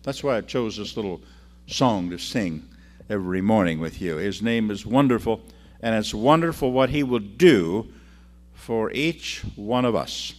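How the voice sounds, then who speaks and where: Expressive low-voiced male preacher. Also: measured pace. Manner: expressive, swinging between loud emphasis and quiet drops. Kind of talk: sermon with scripture reading.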